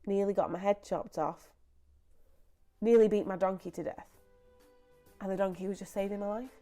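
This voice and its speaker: A woman's voice: medium pitch, fairly even intonation, moderate pace, dark tone, soft background music, natural voice. A woman acting out a hot-tempered grown man, an ancient prophet, with dramatic exclamations. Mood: stunned.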